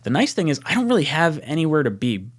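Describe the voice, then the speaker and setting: Reading viewer comments on his relaxed live stream, a young man talks fast in a slightly high voice. He laughs a lot, and excitement sends his pitch shooting up.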